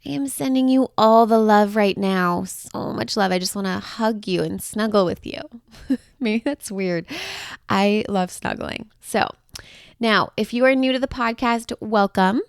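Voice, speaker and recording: A woman's voice: mid-range voice, unhurried, vocal fry, smooth, no echo, clean studio sound. Gushing, affectionate woman podcast host. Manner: chatty, with little laughs and restarts. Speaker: podcast host and breakup coach. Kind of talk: solo podcast monologue.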